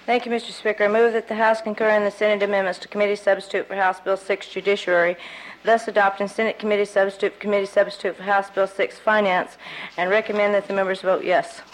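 Brisk flat-voiced woman moving a bill. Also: mid-range voice, rough recording. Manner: brisk and formulaic. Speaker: state representative. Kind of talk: formal floor motion.

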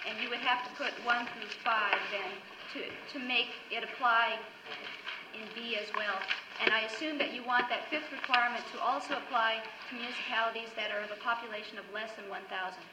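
A middle-aged woman attorney testifying before a committee, explaining technical details with frequent fillers. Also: fairly high pitch. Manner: hesitant, technical, many fillers. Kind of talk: formal testimony. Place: hearing room. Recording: roomy hearing room with hiss.

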